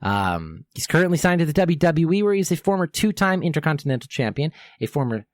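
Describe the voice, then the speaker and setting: A man's voice: on the high side, sing-song, fairly quick, no room sound. A young man hosting a podcast, giving an enthusiastic fan's countdown commentary that rambles with fillers and self-corrections. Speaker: podcast host.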